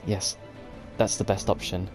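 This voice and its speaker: A man reading a visual novel's text aloud at a measured pace while playing through it. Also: low voice, little pitch movement, music in the background. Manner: slow, measured reading of game text with occasional sworn reactions. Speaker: gaming video host.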